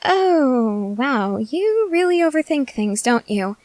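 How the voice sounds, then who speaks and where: A woman's voice: high-pitched, sing-song, slow pace, darkish tone, no echo, heavily acted. A woman voicing a food-obsessed teenage soldier girl in an ASMR audio drama, whiny and melodramatic. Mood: chatty. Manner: whiny, melodramatic, easily sidetracked.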